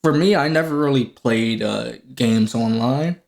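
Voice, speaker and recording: Brief: young male podcast co-host, mid-pitched, playful questioning banter. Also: measured pace, vocal fry, a little mellow. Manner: teasing, asks lots of questions. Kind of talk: casual chat.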